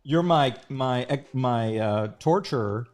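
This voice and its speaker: A man's voice: mid-range voice, takes it slowly, darkish tone, soft background music. A man hosting a live sketch stream, joking around and mocking himself in casual banter. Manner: joking, self-mocking, playful. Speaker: livestream host sketching live.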